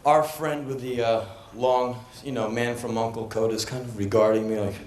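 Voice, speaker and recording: A man in his thirties performing a comedic spoken word monologue on stage, breathless and swinging from deadpan to yelling. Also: medium pitch, normal speed, slight background noise. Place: live stage. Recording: echoey live venue on old VHS.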